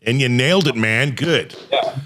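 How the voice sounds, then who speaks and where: A man's voice: mid-range voice, moderate pace, fairly bright tone, a little hiss or hum. A man hosting a podcast, chatting with his guest in a laid-back, friendly way. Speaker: podcast host. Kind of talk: casual interview chat.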